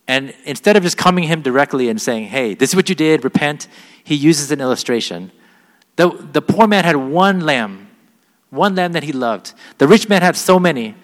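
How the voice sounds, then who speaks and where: A man preaching a sermon, reading scripture aloud with weight and then explaining it in plain, earnest words. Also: on the high side. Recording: long hall reverb.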